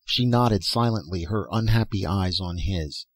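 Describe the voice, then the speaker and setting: A man reading a science fiction story aloud as an audiobook narrator, in a measured storytelling manner. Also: sits low, slightly rough, no room sound. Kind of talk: scripted narration.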